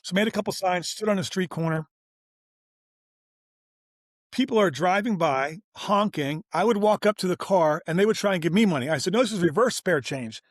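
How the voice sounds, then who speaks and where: A man's voice: high-pitched, a little fast, no echo, clean studio sound. A man guest on a business interview show, telling a story casually and animatedly, acting out the dialogue as he goes. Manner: animated, acts out quoted dialogue, informal.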